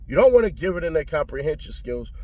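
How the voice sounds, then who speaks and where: A man with a somewhat high voice gives casual trial commentary in a blunt, profane, slang-heavy way. He leaps even higher in pitch to stress a point. Each remark comes straight and unfiltered. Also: fast.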